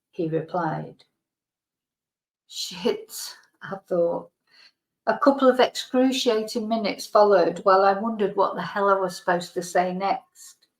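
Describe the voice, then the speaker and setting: A woman reading her own memoir aloud as a bedtime story, calm and frank with dry self-deprecating humour. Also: medium pitch, creaky, echoey room, low-quality recording. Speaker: YouTube storyteller and Spanish teacher.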